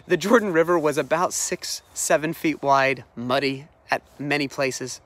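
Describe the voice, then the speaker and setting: A man preaching, retelling a scripture story with lively, animated energy. His voice sits a little high for a man, and he doubles back on words as he builds each scene. It is a conversational sermon delivery rather than a formal reading. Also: unhurried, few pauses. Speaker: pastor.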